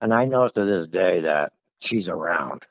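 Over dull, lo-fi call audio with no echo, a male guest tells a host about an encounter he had. He has a low, gravelly voice and a measured pace, yet sounds animated and conversational, using working-class phrasing.

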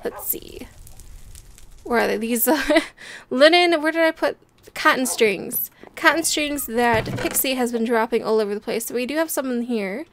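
A woman's voice: high-pitched, normal speed, slight background noise. A young woman chatting playfully as she plays a building game and talks her viewers through it, laughing often. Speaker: gameplay video host. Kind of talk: casual game commentary.

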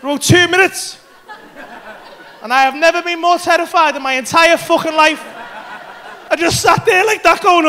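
A male comedian telling a wild story on a club stage, animated and full of swearing. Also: extremely high pitch, moderate pace, long pauses, a faint crowd. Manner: animated, swears constantly, acts out voices and screams. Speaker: stand-up comedian. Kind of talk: stand-up storytelling.

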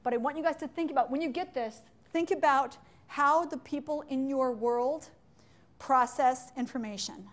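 Woman workshop trainer, high voice, playful chatty teaching style, meeting room. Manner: playful, chatty, quick asides and acted-out examples. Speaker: leadership and sales trainer. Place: meeting room with window blinds.

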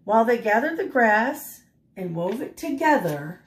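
An older woman reading a picture book aloud in a gentle way, pausing to ask the listener questions. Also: a little high, big pitch swings, slight background noise. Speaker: storyteller. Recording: roomy echo.

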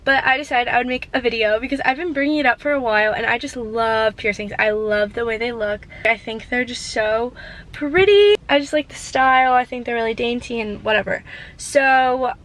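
A woman's voice: fairly high pitch, fairly even intonation, brisk, a bit bright, poor audio. A young woman talking casually to her viewers from a parked car, chatty and nervous, with lots of "like". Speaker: vlogger. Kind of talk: casual vlog chat.

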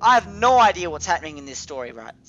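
A man's voice: high voice, very animated, fast talker, pushed and bright, highs cut off, slight background noise. Rambling young male game commentator. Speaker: gaming channel co-host. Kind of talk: casual commentary over gameplay.

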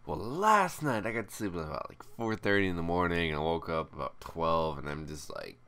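In this casual vlog, a young YouTuber addresses the camera while tired and drowsy, rambling, self-mocking, sighing and groaning. He has a deep, forceful, bright voice with lively intonation and a slightly fast pace.

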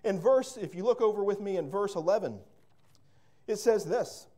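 A man's voice: high-pitched, normal speed, warm tone. A man preaching a sermon as pastor, fervent and emphatic, repeating words and breaking into storytelling asides.

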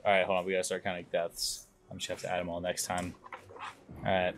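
A young man streaming a game live, chatting along casually and breaking into loud excited exclamations. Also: deep voice, fast talker. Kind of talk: live gameplay commentary.

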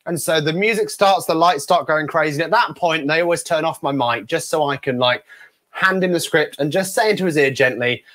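A man, a guest ventriloquist, telling stories in a lively chat and acting out other people's voices. He talks from a room at home over a video call. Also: fairly high pitch, a little fast. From United Kingdom. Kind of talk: animated storytelling in a chat.

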